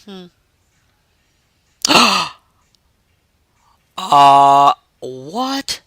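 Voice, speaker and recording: Profane and animated, a high-voiced man with a piercing edge rambles casually to his live-stream viewers, stretching out his words. He inflates himself into mock outrage, then laughs at his own act. The recording is close and dry, with no room sound at all.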